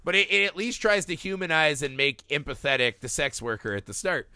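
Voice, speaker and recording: A man's voice: a little high, animated, brisk, pushed and bright, clear, resonant tone, no room sound, clean studio sound. A man co-hosting a casual film podcast, ranting animatedly, swearing often and laughing as he talks. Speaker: podcast co-host. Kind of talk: casual profane film discussion.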